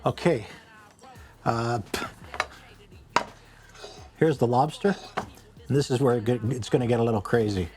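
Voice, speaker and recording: A man hosting a casual cooking vlog from a home kitchen, rambling and joking at his own expense, with sudden excited bursts. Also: medium pitch, unhurried, pauses often. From Canada.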